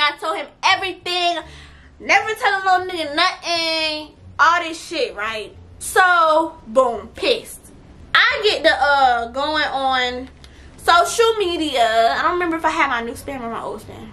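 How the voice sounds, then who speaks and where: A young woman tells a storytime vlog in a high, bright voice. She talks bluntly and with plenty of swearing, animated, jumping from quiet asides to loud bursts. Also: moderate pace. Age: young adult. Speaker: vlogger.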